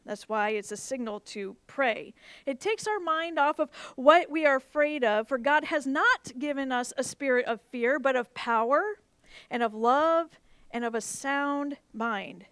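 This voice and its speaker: A woman pastor preaching a sermon, earnest, moving between soft, intense passages and emphatic rises. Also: high voice, a little slow, clean tone, no echo.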